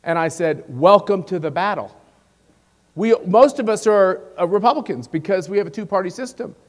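A man's voice: expressive, normal speed. A man giving a rousing, folksy speech to a conference audience. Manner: rousing, folksy, drops low on closing phrases. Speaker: conference speaker. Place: large convention hall. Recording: long hall reverb.

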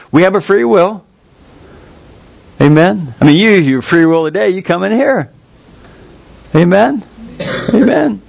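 A man preaching a sermon in a folksy, earnest way, jumping up in pitch to stress a point. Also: creaky. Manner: folksy, earnest, with quick rises in pitch for emphasis.

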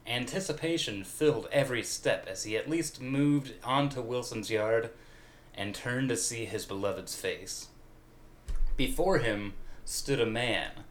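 Man, low-ish voice, comedic fan fiction reading, deadpan, mock-dramatic. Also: roomy sound. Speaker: reader.

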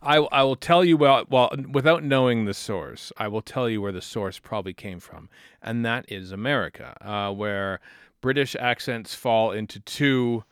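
A man with a smooth, resonant mid-range voice, co-hosting a casual chat. He speculates out loud and repeats his first words as he starts. The recording is close and dry. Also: mid-range voice, normal speed, few pauses, dry recording. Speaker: podcast co-host.

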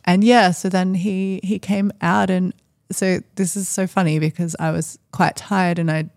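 A woman's voice: lowish voice, level tone, measured pace, a little mellow, dry recording, studio quality. A woman, a podcast guest, telling a personal story in a chatty, rambling way with lots of fillers. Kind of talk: casual storytelling.

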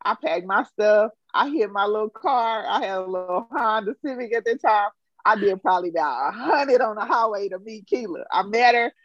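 A woman telling a personal story in a casual, animated way and acting out the quotes. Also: mid-range voice, normal speed, dry recording, dull audio. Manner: animated, acts out quotes, emotional.

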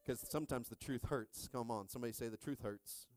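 A middle-aged male pastor preaching a sermon with animated call-and-response, shifting between hushed talk and shouts. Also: medium pitch, brisk, no echo.

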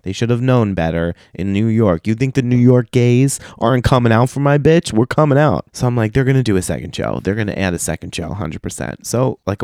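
A man's voice: fairly low pitch, big pitch swings, normal speed, hardly any pauses, darkish tone, no room sound, clean studio sound. A young adult man hosting his own podcast, ranting in a profane, theatrical way and acting out other voices. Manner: profane, theatrical, acts out dialogue in shifting voices. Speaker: podcast host. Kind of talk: casual solo podcast rant.

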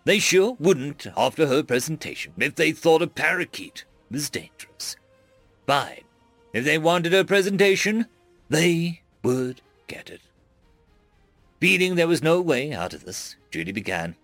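A man narrates a scripted story with expressive delivery. His voice sits a little high and moves with lively pitch. The sound is close and dry, with faint music underneath. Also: a little slow, no room sound.

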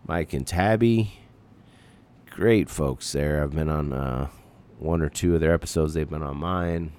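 A man's voice: extremely low pitch, unhurried, a little mellow, clear, resonant tone. A man hosting his podcast in casual chat, rambling about being a parent and swearing lightly. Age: adult parent. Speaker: podcast host.

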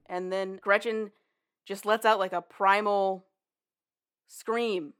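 Fields: Sex: woman. Role: podcast co-host. Style: casual film recap. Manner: animated, profane. Pitch: middling. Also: slow, pauses often, clean tone.

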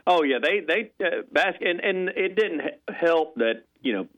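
A man calling in as a guest on a sports radio show, talking in a rambling, animated way with repeated words, heard over a phone line. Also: on the high side, measured pace. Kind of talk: call-in sports chat.

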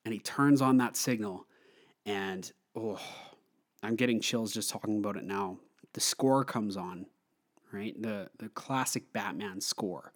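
A man's voice: lowish voice, a little slow. A young man casually talking through a film review, chatty with frequent fillers and laughter. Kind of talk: casual movie review monologue.

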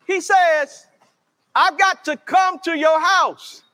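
A man preaching from the pulpit with a strikingly high, bright voice. He stretches his words out slowly and calls on the congregation to answer him back. His voice rings with the long reverb of a large church sanctuary. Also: steady tone. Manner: slow, drawn-out preaching with call-and-response. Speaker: pastor. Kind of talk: sermon.

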